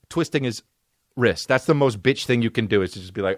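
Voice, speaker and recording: Profane animated man riffing. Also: mid-range voice, brisk, no room sound, studio quality. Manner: profane, animated storytelling with put-on voices. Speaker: podcast host. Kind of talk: comedic monologue.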